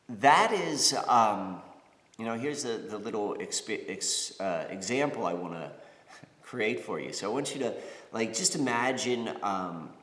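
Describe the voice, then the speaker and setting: A man's voice: mid-range voice, a bit bright. A man from the United States giving a casual spiritual talk, rambling with many fillers, restarts and "you know"s. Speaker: spiritual podcast host. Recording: roomy reverberant space.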